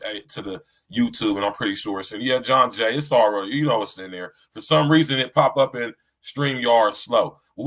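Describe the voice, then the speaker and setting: A man's voice: mid-range voice, fairly bright tone. A middle-aged man hosting a podcast livestream in a casual, slangy chat style, often saying "you know what I'm saying.". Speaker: podcast host.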